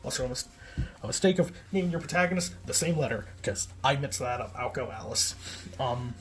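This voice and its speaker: A man's voice: mid-range voice, animated, brisk. A man giving a casual, rambling recap, often correcting himself and filling gaps with "like" and "um". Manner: rambling, self-correcting, filler-heavy. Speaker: video essayist.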